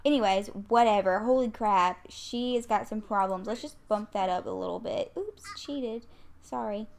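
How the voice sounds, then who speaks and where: A woman's voice: medium pitch, moderate pace, vocal fry. A woman giving casual gameplay commentary into a desk mic, chatty and easily annoyed, swearing now and then. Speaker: gaming video creator. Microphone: USB condenser desk mic.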